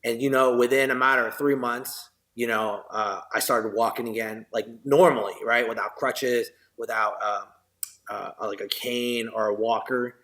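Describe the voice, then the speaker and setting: A man's voice: medium pitch, fairly even intonation, normal speed, a bit bright. Earnest man telling his story. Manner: earnest, reflective, heavy with fillers and tag questions. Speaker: military veteran podcast guest. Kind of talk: personal storytelling in a podcast interview.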